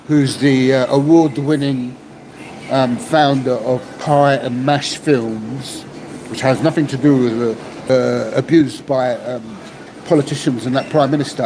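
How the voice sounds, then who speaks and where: A middle-pitched Cockney man in his fifties rants to his listeners in a loose, emphatic podcast monologue, tagging his points with a questioning "yeah?". Steady noise and passing vehicles sit behind his voice in a rough, unpolished recording. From East Central London. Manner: emphatic, ranting, keeps asking "yeah?". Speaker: podcast host. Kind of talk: casual monologue. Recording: noisy, with vehicle sounds behind.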